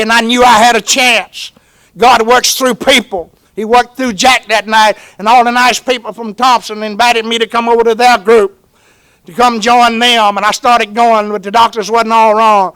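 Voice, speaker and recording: A man's voice: high-pitched, fairly bright tone, clear, resonant tone, no room sound. A man with a Southern US accent gives a folksy, earnest personal testimony as a speaker at a recovery meeting. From Georgia, US.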